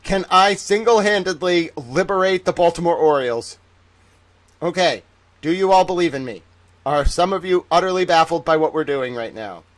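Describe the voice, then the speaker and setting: A man hosting a livestream in casual chat, animated, exclamatory and jokey. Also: fairly high pitch, moderate pace. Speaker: livestream host.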